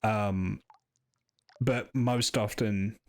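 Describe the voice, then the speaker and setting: A man's voice: on the low side, steady tone, extremely slow, darkish tone. A man giving casual game commentary, rambling and hesitant with a wry edge. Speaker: streamer.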